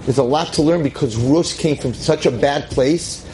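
A man teaching a lively class to a seated audience as a rabbi, emphatic and exclamatory. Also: normal speed, slight background noise, rough recording. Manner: emphatic, exclamatory, with sudden swings in pitch.

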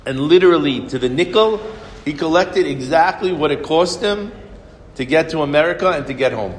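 A man telling a story as a Torah lesson to a small group, lively and often restarting his phrases. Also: a little high, normal speed. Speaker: Torah teacher. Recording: reverberant room with faint noise.

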